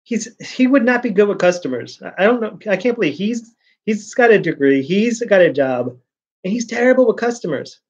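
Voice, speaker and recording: A man's voice: sits high, very animated, a little fast, slightly rough, highs cut off. A man vlogging in a casual, rambling way, venting his frustration and repeating words as he goes.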